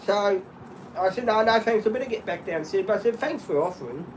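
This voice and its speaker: A middle-aged Australian man rambling through animated stories in casual chat, often laughing. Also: high-pitched, a little fast, slight background noise, low-quality recording.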